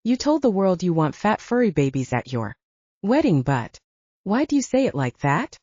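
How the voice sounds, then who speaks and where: A woman's voice: fairly low pitch, big pitch swings, moderate pace, dark tone, no echo, lo-fi sound. A woman narrator voicing a blunt, bubbly, teasing young woman as the best friend in an audiobook. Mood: coaxing.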